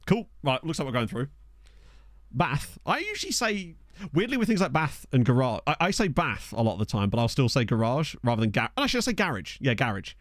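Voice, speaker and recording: A man's voice: medium pitch, big pitch swings, fast talker, no echo, clean studio sound. A young man with a Southern English accent, chatting casually while playing a game and answering his stream chat. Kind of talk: casual gameplay commentary while reading chat. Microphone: desk microphone.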